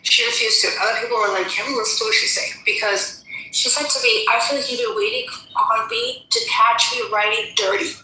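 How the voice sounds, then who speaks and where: A woman telling an angry story in heated casual chat, fast and indignant, swearing often. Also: a little high, expressive, sharp tone. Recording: echoey room with faint noise.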